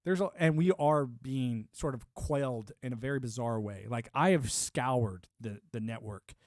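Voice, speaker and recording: A man's voice: medium pitch, normal speed, a little mellow, dry recording, studio quality. A man ranting on a live stream, profane and combative, laughing often and talking like a military veteran. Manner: former military and network engineer talk. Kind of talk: casual live-stream rant.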